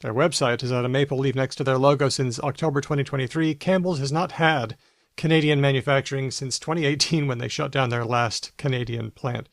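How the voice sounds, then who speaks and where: A man's voice: mid-range voice, steady tone, brisk, vocal fry, no echo, clean studio sound. A man co-hosting a casual language podcast, chatty and explanatory, reading out news items with asides. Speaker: podcast co-host.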